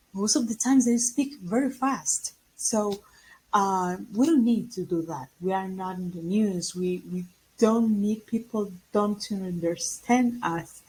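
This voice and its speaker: Slow, husky-voiced Spanish-accented woman teacher. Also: mid-range voice, darkish tone, rough recording. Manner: slow, hesitant, many fillers and restarts. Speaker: English teacher. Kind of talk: casual video lesson.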